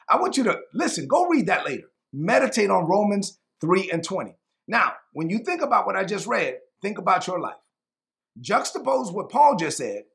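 A middle-aged man preaching a sermon, emphatic, slowing down to repeat key lines for emphasis. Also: high voice, gravelly, fairly bright tone. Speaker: pastor.

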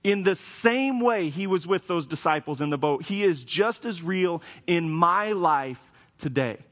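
A man's voice: sits high, expressive, measured pace, fairly bright tone. A man preaching a conversational sermon as a pastor, casual and wry, with frequent restarts, in a church sanctuary. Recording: long hall reverb.

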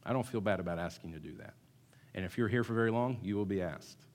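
A man's voice: fairly low pitch, fast talker. Emphatic male pastor in a reverberant hall. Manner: emphatic, builds to loud call-and-response, repeats words. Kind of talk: sermon. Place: church sanctuary.

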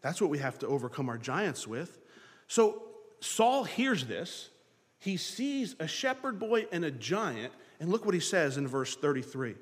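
A man preaching a sermon, lively, acting out the voices of biblical figures to his congregation. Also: a little high, a little slow, in a large hall. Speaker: pastor.

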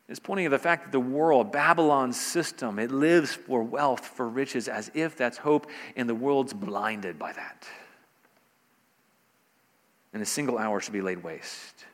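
A male pastor delivers a sermon at a mid pitch, pressing his points with rising emphasis and repeating key phrases. His voice rings out with a long reverb tail, as if from a large church sanctuary. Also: unhurried, a bit bright.

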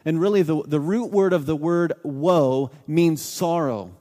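A man's voice: on the high side, unhurried, mellow. Emphatic male pastor preaching. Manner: emphatic, repeats key phrases. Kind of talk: sermon. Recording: long hall reverb.

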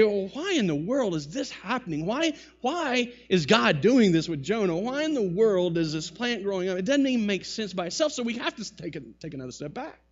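A man preaching a conversational sermon, with wry asides and lively retellings of the text. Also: fairly high pitch, husky, muffled recording. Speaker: pastor.

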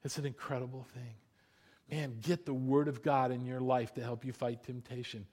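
A man preaching a sermon in a conversational way, sometimes dropping to a hushed voice when retelling stories. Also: mid-range voice, little pitch movement, moderate pace. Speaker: pastor.

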